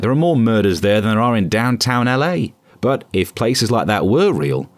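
A man delivers a scripted comedy news monologue in a lowish voice that swings widely in pitch. His asides are sarcastic and deadpan. The sound is close and dry, with no room around it. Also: dry recording. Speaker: podcast host.

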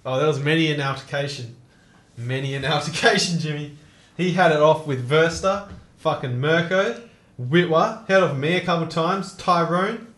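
A man's voice: on the high side, moderate pace, fairly bright tone, reverberant. A young man telling stories in casual chat, laughing and swearing often. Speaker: co-host.

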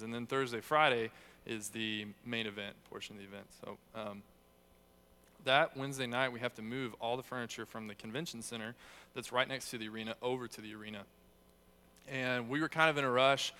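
Pushed and bright yet clean in tone, this young man's medium-pitched voice carries a relaxed, chatty sermon. As a youth speaker, he shares stories and pokes fun at himself.

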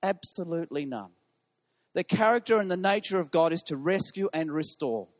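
A man's voice: on the high side, lively intonation, normal speed. A man preaching a sermon to his congregation, putting questions to the listeners. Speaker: pastor. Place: church hall. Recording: long reverb of a large hall.

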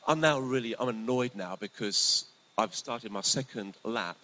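A male pastor preaching a sermon in a conversational, storytelling way, his voice swinging between lively bursts and hushed asides. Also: medium pitch, measured pace, rough recording. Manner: conversational, animated, often drops to a hushed voice. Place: church hall. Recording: faint hiss.

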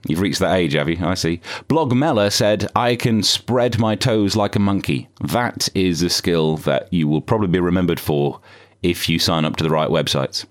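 A British man hosting a comedy podcast, with dry, sarcastic asides in a deadpan monologue. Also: low voice, normal speed. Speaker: podcast host.

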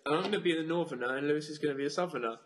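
A man in his twenties with a Southern English accent, co-hosting a student radio show with quick, teasing comic banter. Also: fairly high pitch. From South of England.

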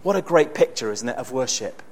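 A man preaching a sermon in a conversational, storytelling way with bursts of excitement. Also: medium pitch, brisk.

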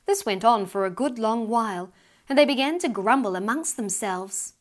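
A woman reads a fairy tale aloud in a gentle, expressive storytelling voice. Her pitch sits slightly high, and she takes an easy, unhurried pace as she reads. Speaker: author and narrator. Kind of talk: storybook reading.

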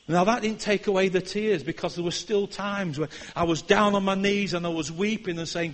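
An older man delivers a sermon as a guest preacher. His voice sits notably high for a man, and he moves between ringing declarations and quiet, intimate prayer. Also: fairly even intonation, normal speed, hardly any pauses. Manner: impassioned, swinging from loud declarations to hushed prayer.

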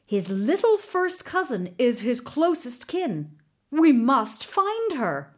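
Brief: woman playing pompous old scholars, slow and solemn. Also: high voice, sing-song, exaggerated voice. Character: pompous male wise men, fussy scholars.

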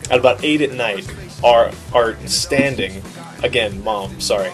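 A man co-hosting a podcast, telling a story in casual chat with an animated, self-deprecating manner. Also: medium pitch, a little slow, over music. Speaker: podcast co-host.

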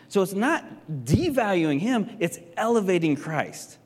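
A man with a somewhat raised voice preaches from a stage, talking casually and often tossing the listeners a quick tag question. His words ring with the long reverb of a large hall. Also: high voice, animated. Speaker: pastor teaching a Bible class. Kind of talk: conversational sermon.

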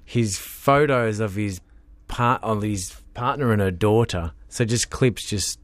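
A man's voice: lowish voice, a little slow, no room sound. Hyper male podcast co-host, dry sound. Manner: excitable, hyper, rambling. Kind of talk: casual studio chat. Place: radio studio.

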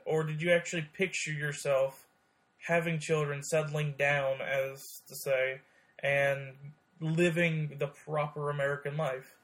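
A man co-hosting a casual podcast, with a voice a little higher than usual for a man. He talks in quick bursts, often stammering and repeating words as he goes. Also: flat delivery, a bit bright. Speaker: podcast co-host. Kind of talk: casual chat.

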